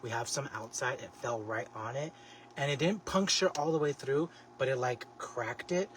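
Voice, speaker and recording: A man hosting a casual craft livestream, chatting to viewers in a sassy, expressive way with lots of exclamations. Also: medium pitch, moderate pace, far from the mic. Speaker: livestream host making a craft basket. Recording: steady background noise.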